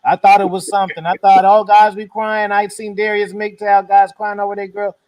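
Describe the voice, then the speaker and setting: A man with a high voice hosts a loose, profane chat. He talks in an animated way, swearing freely and mocking people with quick impressions. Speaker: host. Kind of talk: casual podcast chat.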